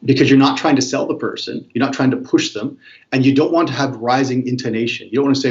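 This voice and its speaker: A man speaking briskly and energetically as a guest expert on body language, breaking into small acted-out examples as he explains. He sits at a middle pitch, and the audio is a little dull and muffled. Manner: energetic, animated, acts out examples. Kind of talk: explanatory interview talk.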